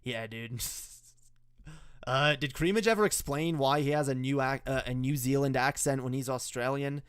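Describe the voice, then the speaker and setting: A man's voice: mid-range voice, normal speed, clear, resonant tone, dry recording, studio quality. Stammering sarcastic man with an odd accent. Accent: unusual mixed accent. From Canada. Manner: stammering, sarcastic, laughs often, swears. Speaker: commentary video host. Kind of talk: sarcastic reaction commentary.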